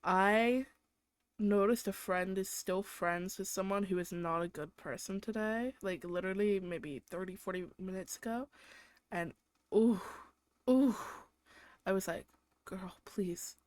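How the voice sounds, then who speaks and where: Her mid-range voice is smooth and unhurried as this young solo podcaster swears her way through exaggerated gripes about everyday irritations and her boyfriend. There's no room sound on the recording.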